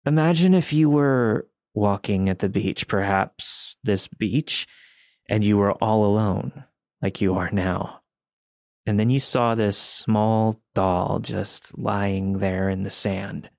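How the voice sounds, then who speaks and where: A man voicing a creepy grown man who talks slowly, with slurred speech and a childlike way of phrasing things, eerily calm. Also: fairly low pitch, creaky, no room sound, clean studio sound. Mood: eerie.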